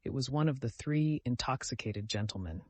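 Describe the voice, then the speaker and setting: A man narrating a classic novel as an audiobook in a measured, even reading. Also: medium pitch, no room sound. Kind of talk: scripted narration.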